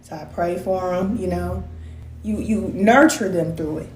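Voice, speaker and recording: A woman's voice: fairly low pitch, measured pace, a little mellow. A woman in her forties, a spiritual advisor, chatting casually and at length on a livestream and reading out viewer comments. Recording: roomy sound with faint noise.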